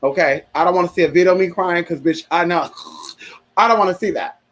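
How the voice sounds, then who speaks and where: A man's voice: sits high, fairly quick, a bit bright, slight background noise, low-quality recording. A man hosting a casual livestream chat, sassy and chatty, calling his listeners honey and girl, and turning earnest and heartfelt when he talks about grief. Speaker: livestream host.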